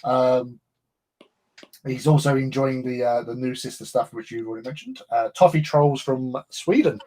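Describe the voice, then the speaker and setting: A man's voice: mid-range voice, moderate pace, mellow. Chatty English man with many fillers. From England. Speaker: livestream host. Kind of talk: casual chat.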